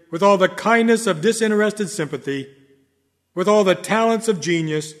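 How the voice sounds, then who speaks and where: A male preacher with a high-pitched voice gives a sermon full of dramatic oratory, swinging from ringing proclamations to hushed, low phrases. Each line trails off in long reverb, as in a large hall.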